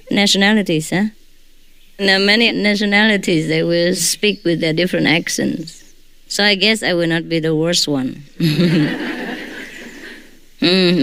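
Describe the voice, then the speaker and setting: A woman's voice: on the low side, a bit bright, clear, resonant tone. A woman who is not a native English speaker gives an informal, joking talk to her followers as a spiritual teacher. She often tags her sentences with a questioning "huh?".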